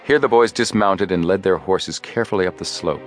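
A man narrates an audiobook in a deep, low voice with measured, steady storytelling. Faint music sits quietly underneath. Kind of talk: scripted narration.

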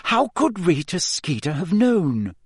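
A man putting on a brisk teenage schoolgirl witch. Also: sits high, very animated, husky, no room sound, clean studio sound, pitched above the performer's own voice, exaggerated voice. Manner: brisk, sharp and quick to snap.

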